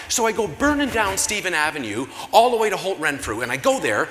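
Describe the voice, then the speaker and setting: A man's voice: high voice, sing-song, a little fast, a bit bright. A man with a Canadian accent emceeing a gala, telling a comic, self-mocking story to the audience. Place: large convention hall. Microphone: handheld stage mic through PA. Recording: reverberant hall with faint room noise.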